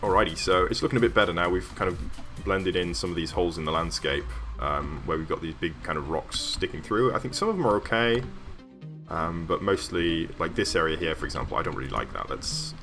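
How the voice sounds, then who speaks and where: A man's voice: low voice, lively intonation, a little fast, pushed and bright, soft background music. A man with a Yorkshire accent talking casually while he works on a landscape during a live stream, rambling with lots of fillers and small laughs. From Yorkshire, northern England. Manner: rambling, self-amused, many fillers.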